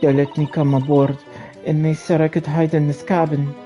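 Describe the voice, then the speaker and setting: A man voicing a timid young female runaway ballerina, speaking softly and earnestly while reading game dialogue aloud. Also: on the high side, little pitch movement, moderate pace, highs cut off, soft background music, voice pushed up, lightly acted. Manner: soft, earnest, apologetic pleading.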